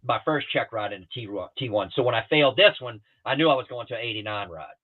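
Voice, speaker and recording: A middle-aged man from the Southeastern United States, a guest pilot on a podcast, telling stories with lively energy and acting out other people's lines. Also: mid-range voice, fast talker. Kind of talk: storytelling in a podcast interview. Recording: thin phone-like remote call audio.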